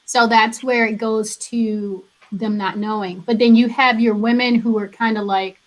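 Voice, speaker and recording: A woman's voice: fairly high pitch, fairly even intonation, normal speed, poor audio. Upbeat woman, guest on a podcast. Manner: upbeat, laughs often. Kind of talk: casual podcast chat.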